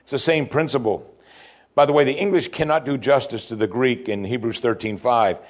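A male pastor delivering a sermon, preaching emphatically with pitch that climbs and falls. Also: brisk.

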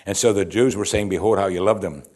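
Speaking fast in a steady tone, a man with a low, slightly mellow voice preaches verse-by-verse from the Bible. He reads scripture, then explains it using rhetorical questions and a recurring "you see."

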